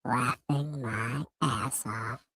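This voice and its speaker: A man putting on the voice of a smug online troll, with sneering, drawn-out words. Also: medium pitch, steady tone, sharp tone, dry recording, studio quality, full character voice. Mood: mocking. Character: whiny mocking online troll, adult, smug.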